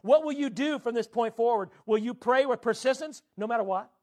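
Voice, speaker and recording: A man with a very high voice preaches a sermon. He leans hard on his words and slows right down to draw out the scripture he quotes. His pitch rises and falls sharply as he makes his points. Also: a little mellow. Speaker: pastor.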